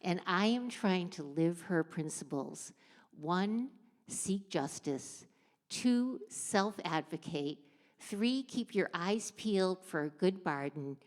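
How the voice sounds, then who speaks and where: A woman telling a personal story live to an audience, in a lively and animated way. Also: on the low side, slow. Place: church hall with audience. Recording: long hall reverb.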